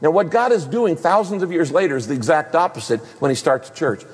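Male pastor, animated sermon delivery, slightly raised pitch, big reverberant hall. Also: fast, breathy edge. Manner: animated preaching, acts out quoted voices.

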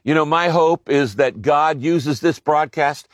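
A man's voice: on the high side, a little slow. A man speaks straight to his listeners with a friendly, personal closing message. The studio sound is dry and close, with no room echo. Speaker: broadcast host.

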